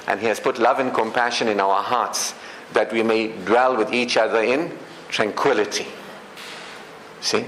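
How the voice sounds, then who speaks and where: A middle-aged man from South Africa addresses a live audience in a relaxed, conversational way. He keeps checking that listeners follow him. The recording has a roomy hall echo and faint background noise. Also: medium pitch. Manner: conversational, often asks "you know what I mean?". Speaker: speaker at a public event. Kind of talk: public talk to an audience. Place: event hall.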